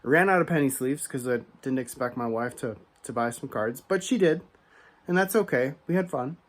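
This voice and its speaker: A man's voice: mid-range voice, normal speed. A man hosting a card collecting channel, telling a story as a rant, chatty and full of asides, growing heated and emphatic. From United States. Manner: animated, grows heated and emphatic; conversational, frequent asides and restarts.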